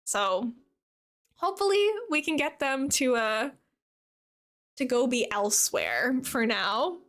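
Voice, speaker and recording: A woman's voice: a little high, very animated, slow, fairly bright tone. A young woman in her twenties chatting casually on a live stream, bubbly and chatty as she plays and answers her chat.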